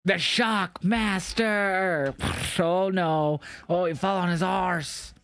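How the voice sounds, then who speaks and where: A man's voice: high voice, extremely slow, vocal fry, fairly bright tone, no room sound, clean studio sound. A man hosting a live reaction stream from home, joking with his chat and talking to his dog. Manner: chatty, jokey, talks to chat and his dog. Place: home room with carpet. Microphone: mic on a stand.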